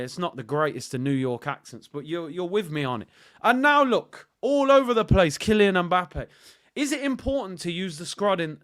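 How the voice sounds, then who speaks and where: A man with a fairly high voice riffs as a football channel host in loose fan commentary. He is sarcastic and jokey, and he rambles through plenty of "uh"s and "you know"s. His voice comes through smooth and clear. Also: a bit bright. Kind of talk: casual fan commentary on a livestream.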